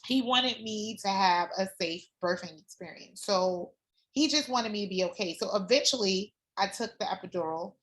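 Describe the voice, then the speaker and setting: A woman guest telling her own story in a casual chat, candid and animated, swearing freely. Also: mid-range voice, normal speed. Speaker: former doula client, guest.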